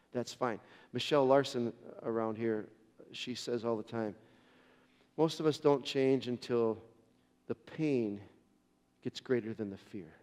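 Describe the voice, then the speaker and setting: A man's voice: mid-range voice, darkish tone, long reverb tail. A man preaching a sermon as pastor, telling a story in an earnest way with frequent restarts.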